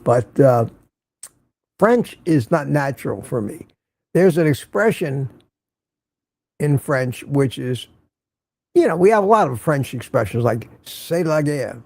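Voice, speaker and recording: Gravelly, mellow-voiced male livestream host. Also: mid-range voice, big pitch swings, a little slow, long pauses, no room sound, studio quality. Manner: chatty, chuckles often, repeats himself. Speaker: livestream host reading viewer chat. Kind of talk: casual morning livestream chat.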